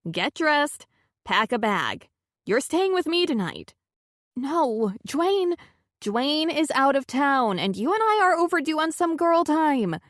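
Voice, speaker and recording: Stern bossy girlfriend in an audiobook, firm and pushy, pitched high with brisk questions, as the woman narrator puts her on. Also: big pitch swings, no room sound, clean studio sound, exaggerated voice. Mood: stern concern. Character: stern, caring woman friend, bossy and protective.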